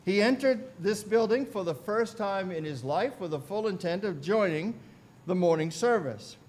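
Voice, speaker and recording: A male pastor telling a story in a sermon, deliberate and narrative, building on repeated phrases. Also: high-pitched, lively intonation, a little mellow. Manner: deliberate, narrative, repetitive cadence.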